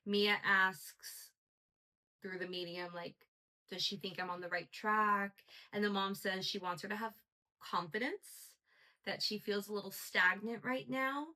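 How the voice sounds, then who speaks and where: A woman's voice: medium pitch, steady tone, unhurried, pushed and bright, poor audio. A woman hosting a solo podcast, talking in a chatty, gossipy way with lots of "like.". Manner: chatty, gossipy, heavy use of "like". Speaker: podcast host. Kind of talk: casual solo podcast chat.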